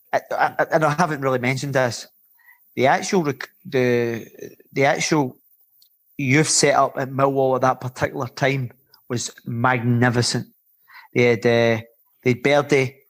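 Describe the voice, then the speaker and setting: A Scottish man in his fifties, a former footballer and podcast guest, telling lively rambling stories and swearing freely. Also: medium pitch. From Scotland. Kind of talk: casual anecdotal storytelling.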